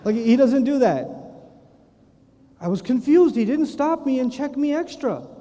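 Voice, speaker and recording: American male lecturer, high voice, mellow tone, lively storyteller acting out voices, hall reverb. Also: a little slow. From United States. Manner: animated storytelling with acted voices and laughter. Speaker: Islamic lecturer. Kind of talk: religious lecture.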